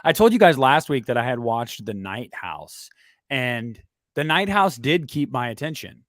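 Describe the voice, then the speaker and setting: An animated man co-hosting a podcast, his pitch swinging widely as he talks. He rambles and restarts often in a relaxed chat. The sound is dry, with no room around it. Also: unhurried, no room sound. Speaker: podcast co-host. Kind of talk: casual chat.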